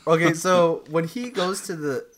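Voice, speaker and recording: A man's voice: fairly high pitch, lively intonation, unhurried. A young man co-hosting a podcast, recapping a movie in a laid-back, rambling way. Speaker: podcast co-host. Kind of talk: casual movie recap chat.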